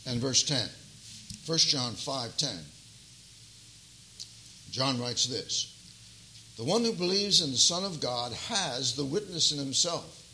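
An older man preaching a sermon as pastor, emphatic and folksy, swinging between loud stresses and soft asides. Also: mid-range voice, animated, slow pace, pauses often, slight background noise, poor audio. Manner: addresses listeners as beloved, folksy asides.

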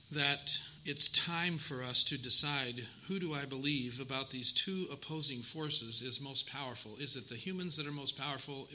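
Bright-voiced earnest male preacher. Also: medium pitch, a little hiss or hum, low-quality recording. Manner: earnest, emphatic, with repetitions and rising stresses. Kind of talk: sermon.

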